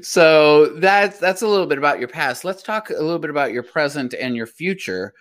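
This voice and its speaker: A man hosting an interview, moving his guest along with brisk questions. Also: fairly high pitch, lively intonation. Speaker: interview host.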